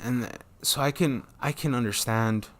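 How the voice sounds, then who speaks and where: A man's voice: normal speed, fairly bright tone. A man in his thirties talking casually and profanely on his own, rambling and losing his train of thought, and acting out quoted lines in a jumpy, rising voice. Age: 30s. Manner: acts out quoted dialogue with sudden high jumps in pitch. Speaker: solo talk channel host. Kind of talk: casual monologue.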